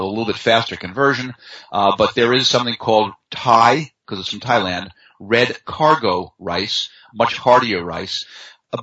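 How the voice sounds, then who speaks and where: A man talking in an unhurried, chatty way as a guest in a conversation, with fillers and easy storytelling. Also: lowish voice, pushed and bright. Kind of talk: casual conversation. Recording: dull lo-fi sound.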